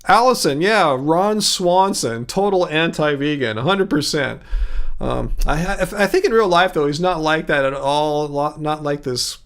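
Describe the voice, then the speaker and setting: A middle-aged man from California hosting a casual livestream, reading viewer comments aloud and rambling in halting, tired talk with frequent laughs. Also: on the high side, a bit bright. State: mentally tired. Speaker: livestream host reading chat.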